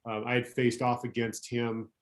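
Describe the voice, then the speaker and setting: A middle-aged man, a former pro pitcher, telling anecdotes as a podcast guest in a rambling way, correcting himself as he goes. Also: completely flat delivery, moderate pace. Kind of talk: casual storytelling chat.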